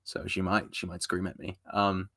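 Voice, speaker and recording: Young male streamer, lowish voice, tired, loose rambling chat that trails off quietly. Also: completely flat delivery, moderate pace. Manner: rambling and informal, trailing off softly at the ends of phrases. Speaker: live streamer. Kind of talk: casual live stream chat.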